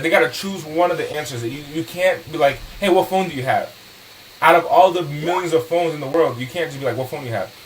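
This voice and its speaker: A man giving a lively storytelling talk to an audience, acting out sales conversations with customers. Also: fairly high pitch, recorded from a distance, slight background noise, rough recording. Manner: animated, acts out customer dialogue. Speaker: motivational speaker.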